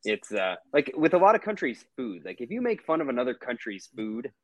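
A man's voice: mid-range voice, sing-song, fairly quick, no room sound, low-quality recording. A man co-hosting a podcast, talking in an easygoing, rambling way with filler words. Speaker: podcast co-host. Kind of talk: casual podcast chat.

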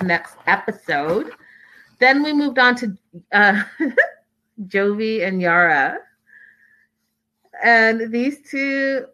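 A woman's voice: mid-range voice, fairly bright tone. A woman giving a casual, opinionated recap of a reality TV show, stressing points by repeating words.

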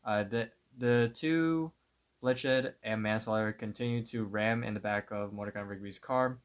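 Low-voiced podcast co-host narrating. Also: male voice, moderate pace. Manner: hesitant, restarting narration. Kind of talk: casual episode recap.

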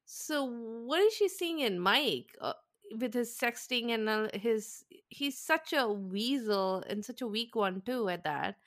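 A woman's voice: fairly high pitch, slow. A woman co-hosting a podcast, chatting casually about a reality show and acting out what the cast said. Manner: animated, acts out quotes from the cast. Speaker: podcast co-host. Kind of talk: casual reality TV recap chat.

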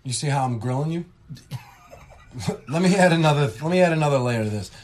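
A man's voice: a little high, animated, fairly quick. A man co-hosting a podcast, explaining officiating in a casual, coaching way. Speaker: podcast co-host, basketball referee. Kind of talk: casual instructional chat.

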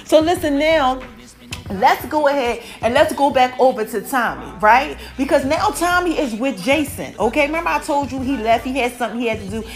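High-pitched woman chatting thru a tv recap, calls everyone y'all, faint music under her. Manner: chatty, animated, addresses listeners as y'all; acts out characters' lines with quick pitch jumps. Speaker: TV recap host. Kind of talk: casual TV episode recap.

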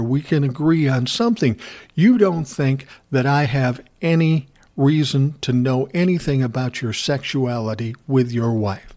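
A man talks straight to his listeners in a loose, ranting monologue. His delivery is sarcastic and peppered with swearing. His voice sits at an ordinary middle pitch for a man. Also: unhurried, dark tone. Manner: profane, sarcastic storytelling. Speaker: commentary host.

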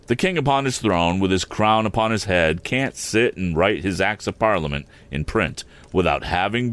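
A man doing a gentle rustic blacksmith. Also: deep voice. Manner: rustic dialect, slow and homely. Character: kindly simple village blacksmith man, gentle.

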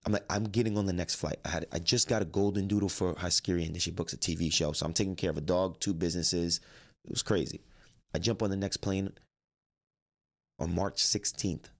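Deep gravelly man telling a story. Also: a little fast. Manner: animated, quotes himself and others in dialogue. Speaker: life coach and trainer. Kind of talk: personal storytelling.

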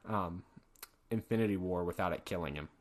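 A man's voice: low voice, fairly quick. A man hosting a casual podcast, skeptically quizzing his co-host and chuckling between points.

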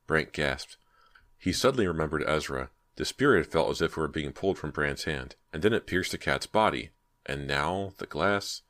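A man reading a horror audiobook in a steady, measured way. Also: rumbling low. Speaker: audiobook narrator. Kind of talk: scripted horror narration.

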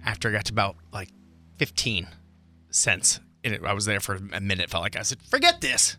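A man co-hosting a morning radio show, telling a story in an animated way and acting out his own shouting. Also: lowish voice, a little fast, faint music behind. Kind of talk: casual radio banter.

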